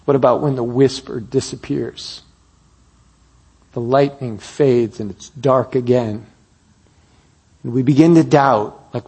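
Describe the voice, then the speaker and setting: A man preaching a sermon, telling a story that builds to emphatic peaks and drops to soft, quiet moments. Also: medium pitch, fairly even intonation, takes it slowly, long pauses, slightly rough.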